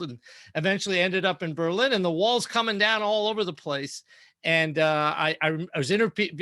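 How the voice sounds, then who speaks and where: A man speaking as a guest and keynote speaker in a casual roundtable, telling lively stories. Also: high-pitched, no room sound. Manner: lively anecdotal storytelling.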